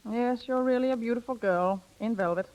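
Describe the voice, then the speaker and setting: A woman's voice: a little high, brisk, darkish tone, highs cut off, natural voice. Actress as a scheming worldly older woman, coaxing, theatrical, old radio drama. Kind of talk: 1940s radio acting.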